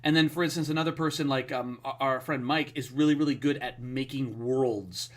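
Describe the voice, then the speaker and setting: A man's voice: mid-range voice, steady tone, fairly quick. Rambling, enthusiastic podcast man. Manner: rambling, enthusiastic, many fillers. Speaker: podcast co-host. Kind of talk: casual podcast chat.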